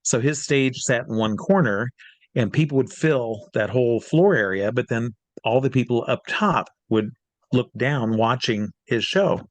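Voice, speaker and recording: A man from Iowa telling a long personal anecdote as an interview guest, lively, his voice jumping high when he reenacts scenes. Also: unhurried, dry recording. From Iowa, USA. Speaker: interview guest, hypnotist and magician.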